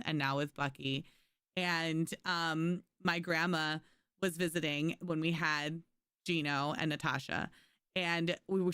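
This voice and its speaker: Giggly, animated woman streamer. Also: fairly low pitch, smooth, dry recording, clean studio sound. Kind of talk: casual chat with stream chat.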